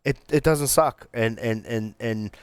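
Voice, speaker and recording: Casting note: male cigar-show co-host, smooth voice, dry close mic, rambling and excitable. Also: mid-range voice, unhurried, dry recording. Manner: animated, rambling, lots of restarts. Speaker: podcast co-host reviewing cigars. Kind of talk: casual chat.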